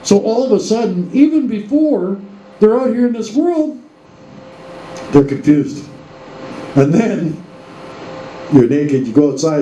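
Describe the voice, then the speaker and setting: A man's voice: a little high, mellow, echoey room, slight background noise, low-quality recording. A man hosting a casual monologue, firing rhetorical questions at the listeners and addressing them as folks. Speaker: show host.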